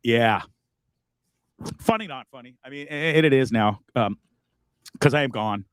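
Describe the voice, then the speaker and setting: A man's voice: medium pitch, a little slow, clear, resonant tone, no echo. A man from Canada hosting a live stream, rambling and remorseful, swearing freely and stammering through restarts. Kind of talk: casual live-stream monologue. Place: inside a bus.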